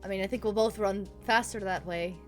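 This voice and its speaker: A woman's voice: medium pitch, fairly even intonation, fairly quick, faint music behind. A woman playing a tabletop game, chatting casually, swearing freely, laughing often and thinking aloud.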